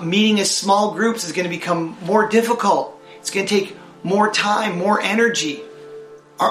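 Earnest older male pastor, high voice. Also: a bit bright, reverberant. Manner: earnest, repeats words as he speaks. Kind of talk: sermon.

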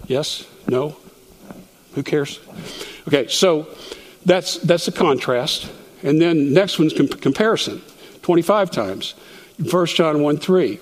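A man leading a Bible study lesson in a chatty way, dropping self-deprecating jokes. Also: a little high. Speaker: Bible teacher. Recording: long hall reverb.

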